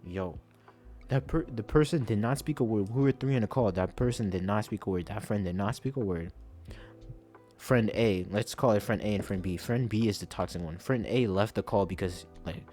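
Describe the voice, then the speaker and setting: A man's voice: lowish voice, moderate pace, faint music behind. Profane young man ranting late at night. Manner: profane, animated storytelling. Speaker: podcast host.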